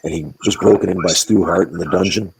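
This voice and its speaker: Gravelly deep-voiced blunt man. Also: steady tone, quick pace, rough recording. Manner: blunt, profane, emphatic, with repeated restarts. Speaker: wrestling promoter and guest. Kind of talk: candid interview storytelling.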